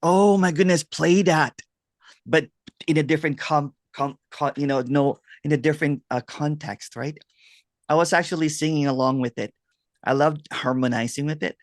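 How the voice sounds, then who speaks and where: A man's voice: fairly high pitch, normal speed, no echo, studio quality. A man hosting a casual chat on a video call, telling stories with lots of laughter. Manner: laughs a lot, animated storytelling. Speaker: host, non-duality guide.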